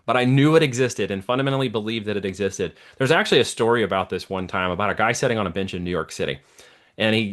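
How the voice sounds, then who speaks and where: Preachy man with a low voice. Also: fairly bright tone. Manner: preachy, checks in with listener often. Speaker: guest, entrepreneur. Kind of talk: motivational talk in an interview.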